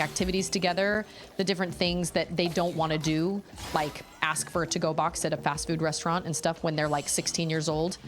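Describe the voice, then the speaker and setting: A woman chatting casually with her viewers while streaming a game from home, rambling through stories in an expressive way. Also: deep voice. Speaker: gaming streamer. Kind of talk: casual livestream chat while gaming. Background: faint game music.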